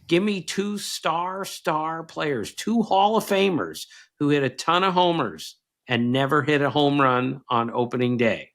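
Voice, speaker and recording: A man's voice: a little high, animated, a little slow, fairly bright tone. An older man with a nasal voice co-hosting a casual podcast with his son, teasing him with quiz questions and rattling off stats. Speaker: podcast co-host, baseball writer.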